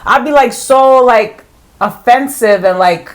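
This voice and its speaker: A woman in a casual podcast chat, frank and expressive, acting out what she would say. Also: on the high side, unhurried, poor audio. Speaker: podcast co-host.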